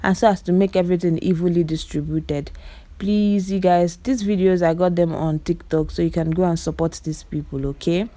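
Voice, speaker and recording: Warm and fairly low-pitched, her voice moves at a normal speed with fairly even intonation in a dry recording. She's a Nigerian Igbo-accented vlogger narrating clips in a chatty way, full of exclamations, talking right to her audience and doubling up words for emphasis.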